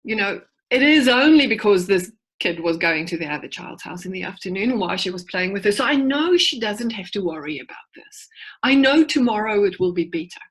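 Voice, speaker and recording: Woman, 40s, clinical psychologist guest speaker, husky mid voice, anecdotal presentation over a video call. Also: mid-range voice, a bit bright, rough recording. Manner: storytelling, with frequent word restarts. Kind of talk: conversational presentation.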